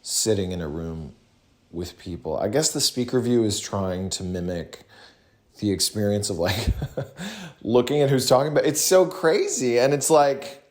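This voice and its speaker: A young man from the American South, chatting casually to viewers in a slow, rambling way with many pauses and restarts, in a put-on voice. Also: on the low side, big pitch swings, a little mellow. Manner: talking in a put-on different voice today. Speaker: vlogger talking to viewers. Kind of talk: casual rambling livestream chat.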